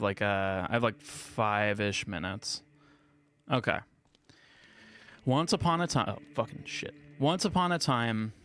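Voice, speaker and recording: A young man streaming a speedrun, telling a crude joke in a casual, drawn-out way with lots of swearing. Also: lowish voice, a bit bright. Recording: faint music behind.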